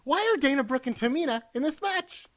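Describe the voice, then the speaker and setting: A podcast co-host talks about wrestling in a lively voice that rises and falls a lot. The speech is casual, and the questions come out exasperated and incredulous. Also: high-pitched, a little fast. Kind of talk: casual chat.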